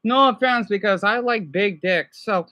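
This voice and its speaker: A woman's voice: medium pitch, unhurried, bright, forceful tone. A woman reacting to a video in a profane, rambling rant, often apologizing. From United States. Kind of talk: ranting reaction commentary.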